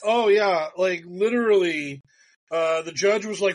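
A man in casual political chat, rambling with sarcastic asides and quick restarts. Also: high-pitched. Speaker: podcast co-host.

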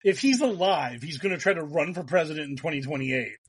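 A man's voice: on the high side, expressive, a little fast, husky. A man in casual political chat, sarcastic and mocking, swearing freely as a podcast co-host.

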